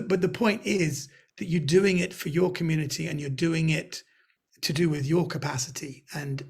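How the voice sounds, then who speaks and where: A man with a London accent telling stories in a webinar interview, lively and acting out the people he quotes. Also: on the high side, vocal fry, husky. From Britain. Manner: animated storyteller, acts out quoted voices. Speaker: guest comedian. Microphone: video call.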